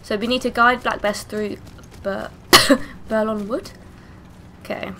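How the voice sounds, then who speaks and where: A woman's voice: fairly high pitch, fairly even intonation, slow pace, bright, forceful tone, slight background noise. A young woman with a cough, giving hyper, swear-filled commentary on a game she plays. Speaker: gaming channel host. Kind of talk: let's play commentary.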